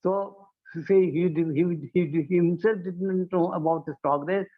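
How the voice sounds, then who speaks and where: A man giving a formal conference speech, halting and self-correcting, often saying "you see". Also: sits high, steady tone. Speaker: conference speaker. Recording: tinny phone-like sound.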